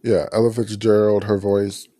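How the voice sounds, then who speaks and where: A man's voice: on the low side, little pitch movement, moderate pace, dark tone, no room sound. A man hosting a podcast, chatting casually and rambling through a review with lots of fillers and restarts. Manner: chatty, rambling, frequent fillers and self-corrections. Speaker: podcast host.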